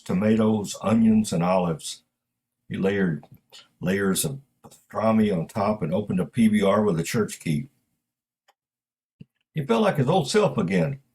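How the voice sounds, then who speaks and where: A man narrating a detective story in a steady, matter-of-fact way. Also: lowish voice, poor audio.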